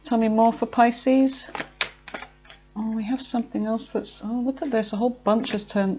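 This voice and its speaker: A woman giving a casual tarot reading, chatty and filled with fillers, talking to herself as she pulls cards and sometimes slowing down to draw out her words. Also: fairly high pitch, fairly even intonation, noisy background. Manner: chatty, with frequent fillers and self-talk. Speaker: tarot reader.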